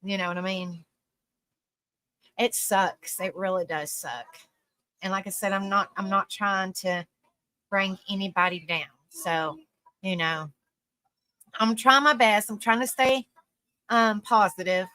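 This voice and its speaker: A woman's voice: mid-range voice, steady tone, a little slow, pauses often, pushed and bright. A woman hosting a live online panel, talking casually and earnestly in a rambling way, full of "you know" fillers. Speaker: live-stream panel host. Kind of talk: casual live-stream talk.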